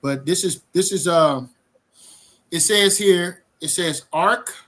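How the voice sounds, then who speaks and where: A man's voice: high-pitched, takes it slowly, a bit bright. A man co-hosting a livestream bible study, talking casually and animatedly with many fillers.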